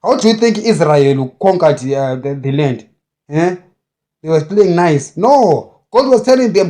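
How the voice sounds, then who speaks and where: Fiery high-voiced preacher man. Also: expressive, measured pace. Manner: forceful, repetitive, hammering short phrases. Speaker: self-described prophet. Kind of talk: impassioned preaching monologue.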